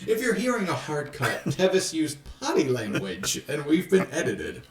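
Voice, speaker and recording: A man co-hosting a casual movie review podcast, joking and animated with playful rants. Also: on the high side, normal speed, distant mic. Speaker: podcast co-host. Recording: echoey room, off-mic.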